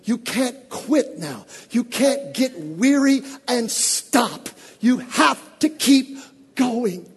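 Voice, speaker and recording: A male pastor preaching with a very high, husky voice that rings out through a long hall reverb. He drops to near-whispered asides, then climbs to shouted calls to the congregation. The delivery is dramatic and direct. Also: animated, extremely slow. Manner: dramatic, swings from hushed asides to shouted exhortation. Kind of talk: sermon.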